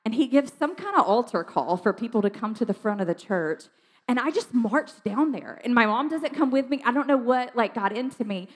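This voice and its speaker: Woman, conversational testimony speaker, animated, recorded with long room reverb. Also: on the high side, fairly quick. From South Georgia, USA. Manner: chatty, animated storytelling with frequent "like" and laughs. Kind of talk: personal testimony talk.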